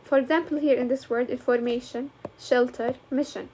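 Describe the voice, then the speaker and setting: A young woman with a Levantine Arabic accent, explaining slowly and deliberately, with frequent fillers. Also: high voice, steady tone, darkish tone, slight background noise. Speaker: English teacher. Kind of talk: classroom lecture.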